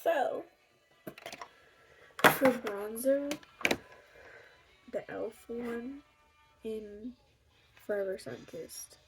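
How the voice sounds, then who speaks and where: A woman's voice: on the high side, extremely slow, long pauses, over music. A woman chatting casually through a makeup tutorial, rambling and joking to herself. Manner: rambling, talks to herself, jokey. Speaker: beauty vlogger.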